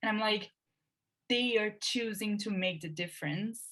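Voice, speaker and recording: A woman interviewer with a Brazilian Portuguese accent, native speaker of Portuguese, talking over a video call in an eager, halting way with many restarts. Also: mid-range voice, bright, forceful tone.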